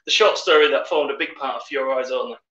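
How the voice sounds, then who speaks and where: A man's voice: mid-range voice, quick pace, fairly bright tone. A man co-hosting a casual drinking show, rambling through sweary stories. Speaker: co-host. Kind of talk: casual boozy chat. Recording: roomy, distant, muffled stream audio.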